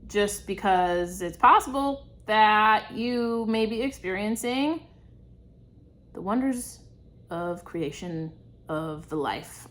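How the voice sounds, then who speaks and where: Casual tarot reader, young woman, a bit high-pitched, warm and chatty. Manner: chatty, laughs often, warm reassurance. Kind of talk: casual intuitive tarot reading.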